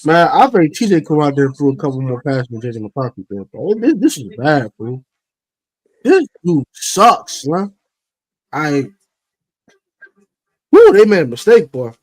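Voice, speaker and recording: A brash man hosting a football podcast, his voice bouncing high and low as he trash-talks. He sits a touch high for a man. The sound is close and dry. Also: moderate pace, dry recording. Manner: brash, trash-talking, excitable. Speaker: podcast host. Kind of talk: casual sports podcast chat.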